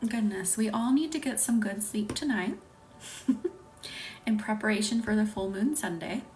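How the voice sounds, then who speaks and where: A woman with a Southern US accent hosting a casual live stream, talking softly, often near a whisper, and laughing easily. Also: medium pitch, normal speed, distant mic, slight background noise. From Southern United States.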